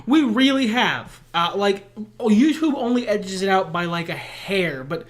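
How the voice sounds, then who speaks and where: A man with a high, nasal voice co-hosting a podcast in casual chat, blunt and self-deprecating, swearing freely. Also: lively intonation, a little slow. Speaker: podcast co-host.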